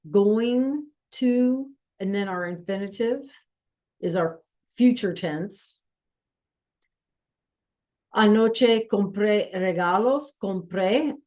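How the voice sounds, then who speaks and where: Slow, patient woman teaching online. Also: mid-range voice, darkish tone. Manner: checks in often with "right?" and "okay?". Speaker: Spanish teacher. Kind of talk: online class lesson.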